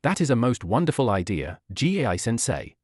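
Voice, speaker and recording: A man's voice: mid-range voice, big pitch swings, normal speed, husky, no echo, clean studio sound. A man reading aloud as an eager, overenthusiastic teenage boy student in a fan story. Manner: shouting, earnest.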